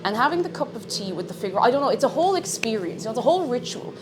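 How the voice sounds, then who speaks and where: A woman's voice: a little high, very animated, rapid-fire, background noise. Bubbly woman chatting on stream. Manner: bubbly, chatty, greets chat by name. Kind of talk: casual live-stream chat.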